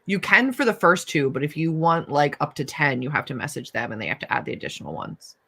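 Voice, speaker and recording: A woman's voice: low voice, very animated, quick pace, bright, forceful tone, husky. A young woman hosting a casual writing livestream, chatting and reading viewer comments aloud. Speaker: livestream host.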